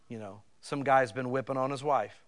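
A male pastor preaching a sermon in a folksy, conversational way, building to loud emphasis on scripture. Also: mid-range voice, fairly even intonation, moderate pace.

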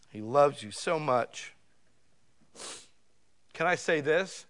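A man's voice: on the high side, a little slow, pauses often, fairly bright tone. Folksy, conversational male preacher. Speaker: pastor. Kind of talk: sermon.

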